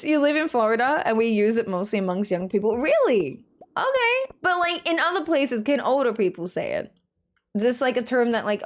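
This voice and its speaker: A young woman from Australia streaming a game, chatting casually with her chat in a rambling way, with "like" in every sentence and quick laughs. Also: a little high. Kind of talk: casual chat reading out chat messages.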